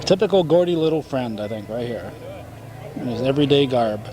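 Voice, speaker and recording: A man's voice: mid-range voice, lively intonation, fairly quick, a crowd in the background. A man behind the camera making loose, offhand remarks full of fillers, recorded outdoors at a parade. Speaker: camera operator. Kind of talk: casual narration behind the camera. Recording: noisy outdoor camera audio.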